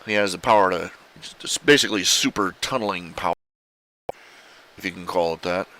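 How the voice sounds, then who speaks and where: Rambling low-voiced man full of fillers. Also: fairly quick, bright, forceful tone, poor audio. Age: middle-aged. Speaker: artist showing his commissions. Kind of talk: casual rambling commentary.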